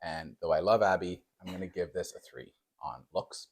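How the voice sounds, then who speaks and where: A young man gives a casual on-camera taste test. He delivers mock-serious verdicts, hesitating with fillers while his pitch jumps up and down. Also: normal speed. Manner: playful mock-serious judging, with frequent fillers and lively pitch swings. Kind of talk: casual on-camera food review.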